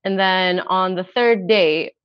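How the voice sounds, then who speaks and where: A woman's voice: on the low side, slow pace, clear, resonant tone, no echo, highs cut off. A woman calling in for dating advice, telling her story casually and acting out her own past remarks. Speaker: caller seeking dating advice. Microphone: phone call.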